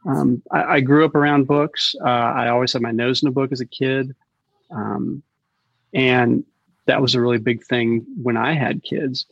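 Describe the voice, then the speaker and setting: A middle-aged man, an author guest, chatting casually and telling stories with quick asides and frequent laughter. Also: medium pitch, steady tone, gravelly, no echo. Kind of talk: casual interview chat. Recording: dull lo-fi call audio.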